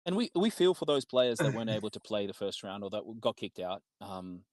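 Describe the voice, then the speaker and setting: Aussie guy casting an online tournament, lowish voice, chatty and upbeat, very dry sound. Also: sing-song, brisk, no echo. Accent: Australian. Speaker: tournament commentator. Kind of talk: casual esports commentary.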